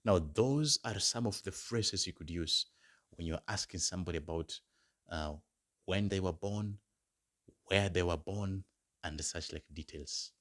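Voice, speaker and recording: A man teaching basic German phrases in a lesson, saying each phrase slowly several times and then giving the English meaning. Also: low-pitched, a bit bright. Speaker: German language tutor. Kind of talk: slow, repeated language lesson.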